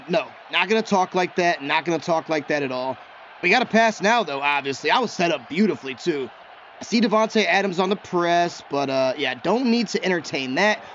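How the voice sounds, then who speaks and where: Excitable male gameplay commentator, high voice, self-talk style; slightly muffled recording with faint background noise. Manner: chatty, excitable, talks to himself while he plays. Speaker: gaming YouTuber.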